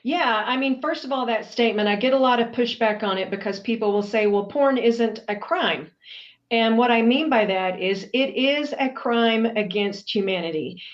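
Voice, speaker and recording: A woman's voice: on the high side, normal speed, few pauses, muffled recording. A middle-aged woman from Texas, speaking earnestly and emphatically as an interview guest. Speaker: guest, anti-trafficking advocate.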